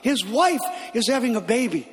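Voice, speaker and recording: A middle-aged man, a guest speaker, telling stories in a lively sermon and laughing as he goes. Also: very high voice, normal speed, a little hiss or hum. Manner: animated, laughing as he tells it. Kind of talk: storytelling sermon. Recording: long hall reverb.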